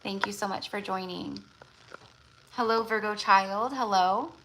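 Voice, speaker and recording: A woman's voice: mid-range voice, unhurried, a bit bright, rough recording. A woman hosting a tarot-reading livestream. She chats casually and rambles, with lots of fillers and restarts. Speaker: tarot reader and livestream host.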